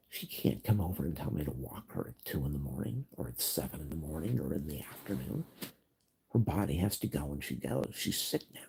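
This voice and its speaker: A man's voice: very deep voice, lively intonation, brisk, creaky, a little mellow, husky. A middle-aged man in an angry personal rant, heated and repeating himself as he recounts an argument.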